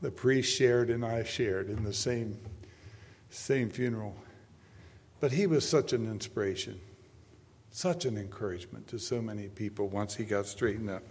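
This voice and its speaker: A man in his seventies preaching a sermon, moving between quiet storytelling and loud, emphatic preaching. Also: fairly low pitch, normal speed, slight background noise. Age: 70s. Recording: long hall reverb.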